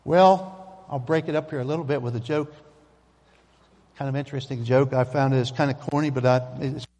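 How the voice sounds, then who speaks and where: A man's voice: on the high side, a little mellow. A man preaching a sermon in a folksy, emphatic way, repeating his key phrases, in a church sanctuary. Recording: long hall reverb.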